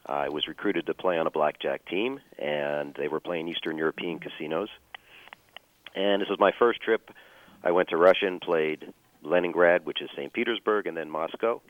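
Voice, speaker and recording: A man telling a personal story as a guest, measured and full of fillers and restarts. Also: deep voice, no echo, narrow, tinny audio.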